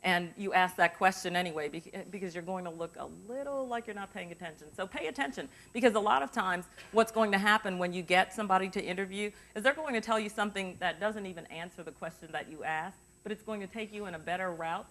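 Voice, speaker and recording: A middle-aged woman, a journalist, teaching an interview workshop to students through a lapel mic, chatty and lively, drawing the room in with questions. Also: mid-range voice, fast, hardly any pauses. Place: university forum hall. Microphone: lavalier.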